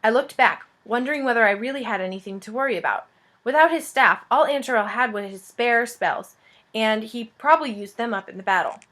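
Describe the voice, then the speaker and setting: Woman reader, storybook narration, lively, slightly high voice. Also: brisk. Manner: lively, expressive. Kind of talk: storybook read-aloud narration.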